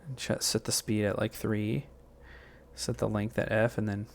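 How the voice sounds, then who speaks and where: A man hosting a music software tutorial, thinking aloud in a loose, rambling way with plenty of fillers and self-corrections. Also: fairly low pitch, little pitch movement, normal speed, gravelly, a little hiss or hum.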